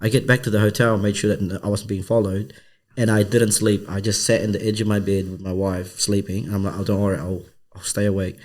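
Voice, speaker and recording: Here a fairly low-pitched, fast-talking man tells a story in casual podcast chat. A comedian and co-host, he's animated and acts out other people's voices as he goes.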